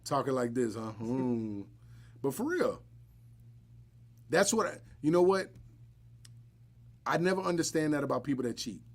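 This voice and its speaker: An adult, married man hosts a live podcast in a mid-range voice, speaking unhurriedly and pausing often. He chats casually and bluntly, tossing in joking asides and telling stories with animation.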